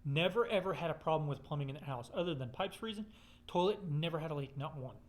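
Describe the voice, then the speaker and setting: A man's voice: fairly high pitch, lively intonation, fast talker. A man telling a rambling personal story in casual chat, swearing constantly.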